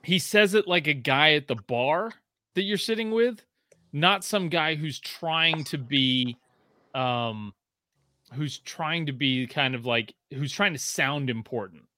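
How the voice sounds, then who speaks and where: A bright, forceful male voice, a little high for a man, recorded dry and close. He chats casually as a podcast co-host, loose and profane, his pitch jumping up as his stories build. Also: takes it slowly, dry recording. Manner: animated storyteller, swears freely, rising pitch when excited. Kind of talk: casual sports chat.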